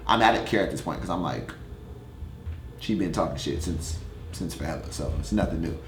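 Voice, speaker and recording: Young male musician, low voice, frank and swearing, loose animated storytelling; echoey room. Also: a little fast. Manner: candid, profane, animated storytelling. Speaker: musician answering fan questions. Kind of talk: casual storytelling vlog. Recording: echoey room, faint noise.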